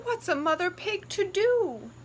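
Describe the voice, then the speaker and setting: A woman plays a storybook mother pig, fussing and exasperated, her voice pitched high and lively. She speaks at a slow storybook pace, with a faint hiss underneath. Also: heavily acted.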